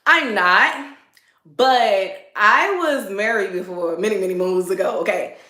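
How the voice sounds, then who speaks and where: Bright, chatty Southern woman livestreaming. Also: medium pitch, measured pace, roomy sound. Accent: Southern American. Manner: chatty, animated, greets viewers, laughs often. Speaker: livestream advice host. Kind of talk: casual livestream chat. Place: indoor room, seated.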